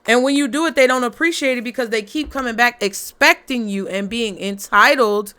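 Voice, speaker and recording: A woman's voice: on the high side, brisk, sharp tone, smooth. A woman giving a casual tarot reading in a blunt, profane, fired-up motivational way. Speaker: tarot reader.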